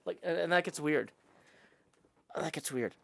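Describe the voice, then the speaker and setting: A man's voice: on the high side, a little slow, gravelly, fairly bright tone, dry recording. A middle-aged man, chatting casually on a live stream in his apartment, rambling and self-mocking as he reads chat aloud into a desk mic. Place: apartment room. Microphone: desk microphone.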